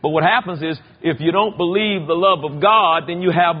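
A man preaching a sermon, telling stories in an animated way with big swings in pitch. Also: normal speed. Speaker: pastor. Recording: dull lo-fi sound.

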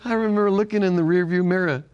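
An older man from the United States co-hosting a Christian talk show, sharing family stories and faith in an animated way with frequent laughter. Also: sits high, fast talker, clear, resonant tone, dull audio. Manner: animated storyteller, laughs often. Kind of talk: casual faith-based chat.

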